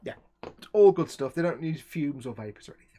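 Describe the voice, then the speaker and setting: A man's voice: a little high, animated, quick pace, dark tone. A man hosting a casual live-stream chat, explaining things at length and joking around. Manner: chatty, explains at length, jokes. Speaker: host.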